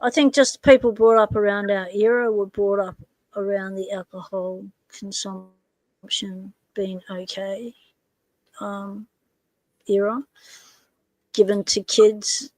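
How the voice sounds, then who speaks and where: A woman chatting casually as co-host, greeting viewers and adding quick asides. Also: medium pitch, level tone, a little mellow, no echo, poor audio. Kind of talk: casual livestream chat.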